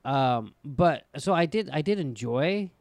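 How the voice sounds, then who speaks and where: A man's voice: fairly high pitch, lively intonation, measured pace, no room sound. A man in casual podcast chat who teases his co-host with short, dry remarks. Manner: dry, teasing interjections.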